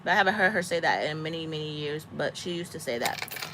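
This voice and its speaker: A woman in her thirties or forties, a mother talking casually with a friend, animated and dramatic, breaking into high squeaky voices when she quotes herself. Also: fast, slight background noise. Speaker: homesteading mom chatting with a friend. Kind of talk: casual chat.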